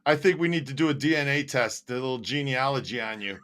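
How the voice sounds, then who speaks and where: A man's voice: medium pitch, quick pace, fairly bright tone. A man co-hosting a casual live-stream chat, joking around and laughing often. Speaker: co-host.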